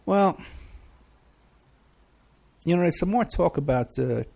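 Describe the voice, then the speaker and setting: A man's voice: a little high, animated, slow pace, vocal fry, mellow. A middle-aged man hosting a live show, chatting casually and rambling through questions from the chat with many fillers. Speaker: podcast host.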